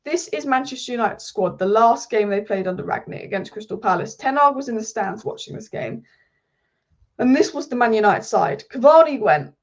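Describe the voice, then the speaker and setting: A woman hosting a football channel, talking through transfer news in a passionate, rapid-fire way. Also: on the high side, expressive. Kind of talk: casual football commentary monologue. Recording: slightly dull lo-fi audio.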